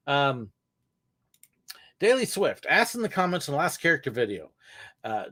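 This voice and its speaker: A man's voice: a little high, big pitch swings, normal speed, long pauses, bright, forceful tone. A man hosting a live question-and-answer stream, chatting casually and rambling a little, with corny puns thrown in. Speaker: livestream host answering viewer questions.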